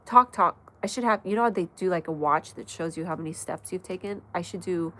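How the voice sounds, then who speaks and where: A woman hosting a casual livestream from her mother's house at night, chatty and rambling, reading the chat aloud with frequent laughs and sudden excited shouts. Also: fairly low pitch, a little fast. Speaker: livestream host.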